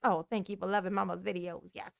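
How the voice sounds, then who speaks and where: A woman's voice: mid-range voice, level tone, fast, creaky. A woman hosting a casual livestream sign-off, drawling affectionately, calling herself Mama and laughing often. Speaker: YouTube channel host.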